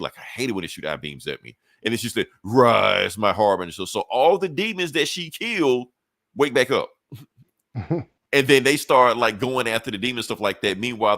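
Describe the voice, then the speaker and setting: A man's voice: on the low side, fairly bright tone, no room sound, studio quality. Casual, profane man recapping comics. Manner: loose, profane storytelling with frequent fillers. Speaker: podcast co-host.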